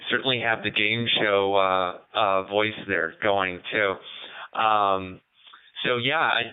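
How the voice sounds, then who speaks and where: A man with a low, smooth voice talks over a ham radio link in a relaxed, easygoing way, pausing often with ums. The sound is dry and thin, like a phone line. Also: dry recording. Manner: relaxed, thoughtful, hesitant with many fillers. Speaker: ham radio operator calling in. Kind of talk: casual radio chat. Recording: tinny radio transmission.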